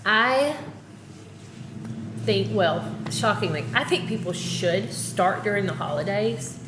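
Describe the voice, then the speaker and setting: A woman's voice: mid-range voice, expressive, slow. A woman fitness coach chatting casually on a podcast, blunt and joking. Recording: roomy with noticeable background noise.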